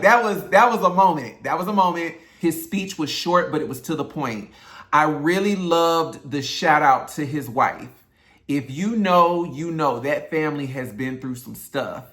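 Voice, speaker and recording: A man's voice: a little high, a bit bright. A man hosting his own channel, giving a casual, opinionated recap of an awards show and talking straight to his viewers. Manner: chatty and opinionated, addresses viewers directly. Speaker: YouTube host, singer.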